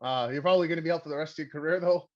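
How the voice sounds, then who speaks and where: A man's voice: fairly high pitch, racing, lo-fi sound. A young man from Canada hosting a wrestling podcast, rambling and swearing in casual chat. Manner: rambling, crude, excitable. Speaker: podcast host.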